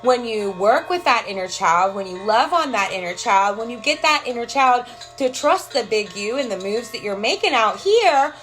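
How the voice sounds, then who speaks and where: A woman's voice: fairly high pitch, moderate pace, soft background music. Profane, fired-up woman streaming live. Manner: excited, profane, motivational, greets viewers by name. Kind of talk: casual live stream chat. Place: home, with a cat nearby.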